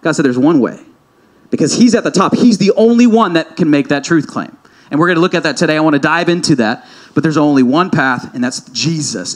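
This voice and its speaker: High-voiced man preaching a casual sermon. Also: expressive, quick pace. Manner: conversational, asks the congregation questions, many restarts. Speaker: pastor. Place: church hall before a congregation.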